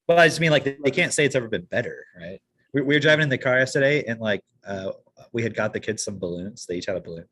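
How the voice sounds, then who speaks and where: A man's voice: mid-range voice, animated, quick pace, a bit bright, breathy edge. Rambling storytelling man on a podcast. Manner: rambling anecdotal storyteller, frequent restarts. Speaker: podcast co-host. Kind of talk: casual podcast chat.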